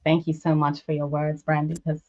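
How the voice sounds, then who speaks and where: A woman's voice: low voice, completely flat delivery, a little fast, warm tone, dull audio. A woman co-hosting a casual conversation on a video call, affirming and enthusiastic.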